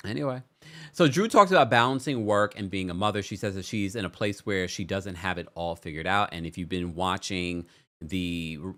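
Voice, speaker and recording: Male recap host, chatty and sassy, very lively pitch, reads viewer comments. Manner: animated, sassy, reads chat comments aloud. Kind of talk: casual reality TV recap with live chat.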